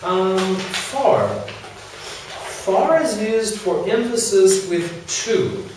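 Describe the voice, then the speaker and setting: A man's voice: high-pitched, very slow, background noise. A man teaching an English grammar lesson to a class, explaining with many examples and fillers. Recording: echoey classroom from far off.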